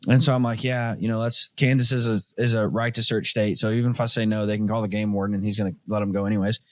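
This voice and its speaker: A man's voice: fairly low pitch, fast talker, dry recording, clean studio sound. A man hosting a podcast, telling a hunting story in casual chat and acting out other people's voices as he goes. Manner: animated storyteller, acts out quoted voices. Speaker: podcast host.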